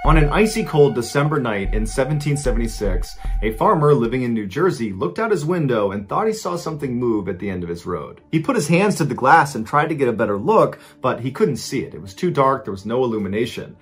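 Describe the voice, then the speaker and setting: A man's voice: medium pitch, sing-song, a little fast, few pauses, slightly rough, faint music behind. A man narrating a true story in a casual, conversational way, repeating key points for emphasis.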